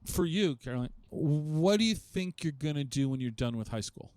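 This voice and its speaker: A man hosting a casual interview, upbeat and quick to laugh, with short acknowledgments between questions. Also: on the high side, expressive, a little mellow, dry recording. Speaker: podcast host.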